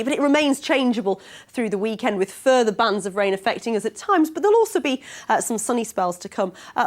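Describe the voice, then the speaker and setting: A woman presenting the regional TV weather forecast in a brisk, friendly manner. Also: mid-range voice. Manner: brisk, friendly, lightly hesitant.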